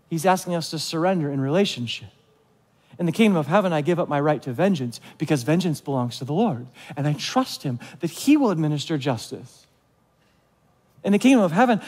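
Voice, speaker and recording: A man preaching to a church congregation in a loose, conversational way, often turning questions back on his listeners. His voice sits fairly high for a man. A long reverb trails after his words, as in a large church hall. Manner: conversational, asks the audience questions; acts out quoted voices of listeners. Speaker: pastor. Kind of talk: sermon.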